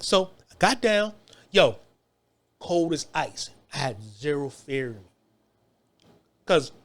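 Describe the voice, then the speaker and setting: Man, casual storytelling, fast, lively pitch, slightly high voice, profane, repeats himself. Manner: animated, profane, repeats words and restarts.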